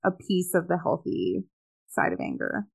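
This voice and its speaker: A woman's voice: on the low side, big pitch swings, gravelly, slightly rough. A woman in her thirties hosting a podcast, agreeing with her guest and building on her points. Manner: warm, affirming, quick to agree. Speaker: podcast host. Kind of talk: casual podcast chat.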